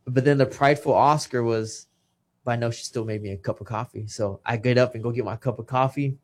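A middle-aged man recounts a personal story with earnest feeling, slipping into the voices of the people he quotes. His voice sits at an ordinary middle pitch, and his talk is conversational, with restarts. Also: steady tone, a little fast. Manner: earnest, emotional, acts out quoted dialogue. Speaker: retired professional boxer, guest.

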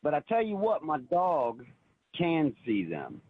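This caller has a fairly high, husky voice that swings hugely in pitch as he speaks unhurriedly. He's on the phone to a radio show, sharing a heartfelt personal story and going back over the same points again and again.

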